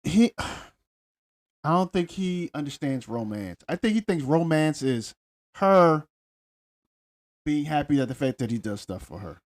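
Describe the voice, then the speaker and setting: A man's voice: fairly high pitch, very animated, unhurried, pauses often. A man co-hosting a podcast, recapping reality TV in laid-back, argumentative casual chat. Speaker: podcast co-host.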